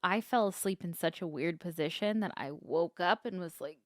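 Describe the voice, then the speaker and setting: A young woman co-hosting a podcast, telling stories in a lively, casual way, swearing freely and acting out the scenes. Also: lowish voice, moderate pace, no room sound. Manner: animated storyteller, swears freely, acts out scenes. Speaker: podcast co-host. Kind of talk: casual chat.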